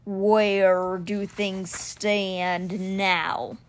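Woman doing a slow, gravelly stone cheetah. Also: mid-range voice, flat delivery. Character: stern male stone cheetah, grave and protective. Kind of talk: audiobook reading.

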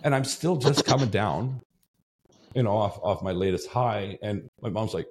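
A male podcast host tells a story in casual chat, rambling, swearing freely, and tagging his sentences with "right?". His voice is on the low side at a moderate pace.

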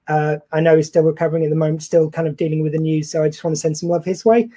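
A woman's voice: low-pitched, fairly even intonation, racing, mellow. A woman hosting a casual interview, chatty and friendly. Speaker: podcast host.

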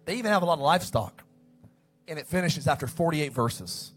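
High-voiced man preaching animatedly. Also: soft background music. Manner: animated preaching, acting out dialogue in quick asides. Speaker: pastor. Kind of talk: sermon.

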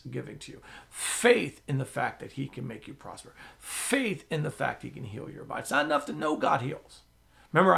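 A man preaching a sermon as the pastor, telling stories with sudden drops to a whisper and swells of loudness. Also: medium pitch, creaky. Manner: animated storytelling, drops to a whisper and swells loud.

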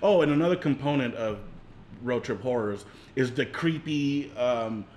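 A man co-hosting a podcast, recapping a movie in relaxed, slangy chat with casual swearing. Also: mid-range voice, moderate pace, slight background noise. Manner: laid-back, slangy, swearing. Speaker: podcast co-host.

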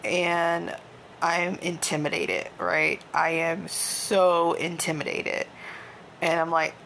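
Woman, low gravelly voice, slow unhurried storytelling, candid and self-mocking, faint noise behind. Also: fairly bright tone. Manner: candid, laughing, self-deprecating. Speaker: podcast host. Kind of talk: personal storytelling. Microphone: home microphone.

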